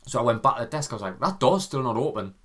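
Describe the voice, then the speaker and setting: A man's voice: medium pitch, rapid-fire. Young guy telling a story on a podcast, swears a lot, does little voices, keeps cracking up. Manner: animated, mimics voices, swears, laughs often. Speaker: podcast co-host. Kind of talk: casual storytelling chat.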